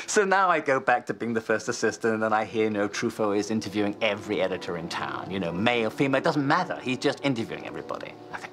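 A film editor telling a lively anecdote for a DVD commentary, laughing often and acting out the dialogue. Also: male voice, lowish voice, fast, few pauses. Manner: animated storyteller, laughs often, acts out dialogue.

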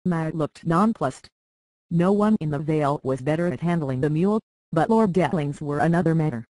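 A reader narrating a fantasy novel in a steady, unhurried storytelling voice. The pitch sits in the middle range, and the recording is close and dry with no room sound. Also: no echo, poor audio. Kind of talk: audiobook narration.

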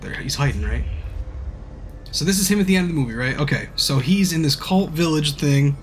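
A young man streaming a game, rambling, swearing and telling stories in animated bursts. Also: fairly high pitch, a little fast, a little hiss or hum. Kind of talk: live-stream gameplay commentary.

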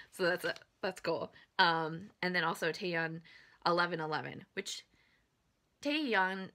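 A woman's voice: lowish voice, bright, forceful tone, slight background noise. A young woman vlogger losing her voice, chatting casually through an unboxing, rambling with lots of ums and likes.

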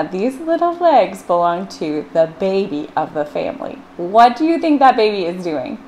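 At a children's storytime, a librarian with a lowish voice reads a picture book, hamming up the sound words with dramatic swings. There's a little hiss or hum in the recording.

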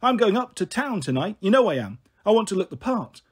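A brash young mum, as a husky male reader puts her on, loud and bantering, jumping from scolding to teasing. She sits high and swings her pitch about, in an audiobook reading. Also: big pitch swings, a little fast, exaggerated voice. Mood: breezy.

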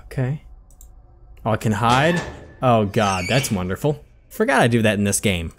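A man's voice: medium pitch, expressive, normal speed, a little hiss or hum. A man giving jumpy horror game commentary, talking to himself and swearing when startled. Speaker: let's play commentator.

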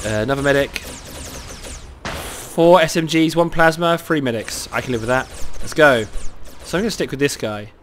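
A man with a cold giving excitable live commentary over his own gameplay, cheering on teammates and talking to himself. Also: on the high side, moderate pace, slight background noise. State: has a cold.

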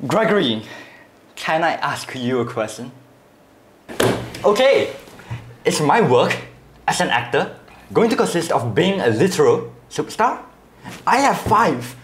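A man's voice: fairly high pitch, echoey room, a little hiss or hum. A man playing a frustrated actor who is sick of small parts and soap commercials, talking in an indignant, sarcastic way. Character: frustrated male actor fed up with bit parts. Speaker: actor in a short film scene. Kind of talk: acting-class film scene.

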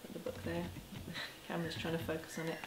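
Gentle woman talking in an echoey room. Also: fairly low pitch, monotone, a little fast, background noise. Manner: gentle and reassuring, with soft laughs. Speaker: parenting educator. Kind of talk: talking to camera. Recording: echoey room with faint ambience.

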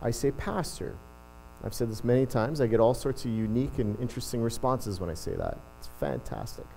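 A man's voice: mid-range voice, very animated, a little fast, vocal fry, warm tone, slight background noise, rough recording. A middle-aged male pastor giving a casual, self-deprecating sermon, often restarting his sentences. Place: church.

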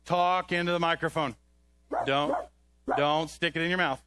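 A man runs a comedic children's skit on a church stage, speaking into a handheld microphone. His voice sits high, and he keeps scolding and coaxing a playful puppet dog, sounding exasperated. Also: fairly even intonation, normal speed, a bit bright, clean tone, no echo. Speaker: children's ministry presenter.

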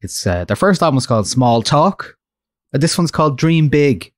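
A man's voice: fairly high pitch, very animated, normal speed, no echo. Chatty Irish man, dry close sound. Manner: chatty, laughs often while telling stories. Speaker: podcast host. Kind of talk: casual chat.

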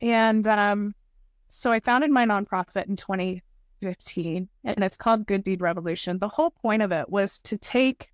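A woman's voice: medium pitch, moderate pace, no room sound, clean studio sound. A woman in her forties, a podcast guest and nonprofit founder, telling personal stories in an earnest, heartfelt way and repeating motivational phrases.

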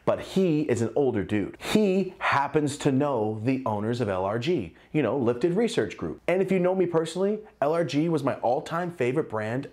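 A man's voice: medium pitch, moderate pace, hardly any pauses. A young man telling a personal story in a casual vlog, swearing often and acting out the other voices in the story. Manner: profane, animated, acts out quoted voices.

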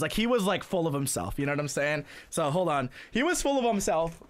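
High-voiced man rambling through a funny story. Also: fast, hardly any pauses. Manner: rambling, full of "like" fillers and swearing; grows loud and excited at the peaks of the story. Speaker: gaming streamer telling a story. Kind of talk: casual comedic storytelling.

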